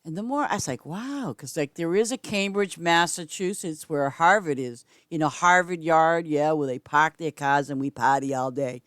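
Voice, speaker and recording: A woman game streamer chatting casually with her viewers while she plays, rambling and swinging between loud greetings and quiet asides. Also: normal speed, hardly any pauses, dry recording, clean studio sound. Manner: chatty, rambling, repeats "I'm just saying"; lively swings in pitch and loudness, sometimes whispering. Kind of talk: casual gameplay chat with viewers.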